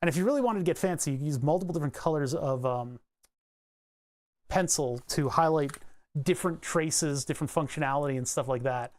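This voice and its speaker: A man's voice: on the high side, brisk, a little mellow. Rambling man thinking aloud in a tutorial. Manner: rambling, joking, mutters while drawing; grumbles wryly about his tools. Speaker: electronics hobbyist explaining circuit tracing. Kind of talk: casual screen-recorded tutorial, thinking aloud.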